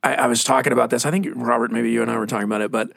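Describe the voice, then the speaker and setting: Gravelly middle-aged Texan pastor. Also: male voice, mid-range voice, fairly even intonation, rapid-fire, fairly bright tone, dry recording, studio quality. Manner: storytelling, acts out quoted voices. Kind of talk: casual podcast conversation.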